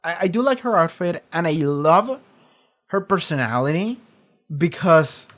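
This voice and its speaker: A host talking casually through a TV episode reaction, rambling and animated, swearing freely and circling back to repeat points. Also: medium pitch, a little slow.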